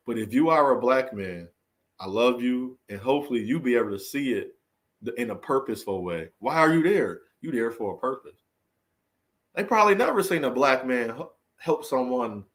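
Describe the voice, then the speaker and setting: A man speaking in an unscripted, heartfelt monologue, earnest and preachy, full of restarts, repeated phrases and emphatic rhetorical questions. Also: mid-range voice. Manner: emphatic rhetorical questions, swinging between raised and subdued delivery. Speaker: vlogger giving a motivational talk.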